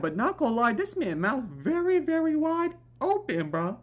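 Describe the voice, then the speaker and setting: A young man hosting a reaction video, talking in slang with excited outbursts and shouts. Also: very high voice, moderate pace. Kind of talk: reaction commentary. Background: video soundtrack music.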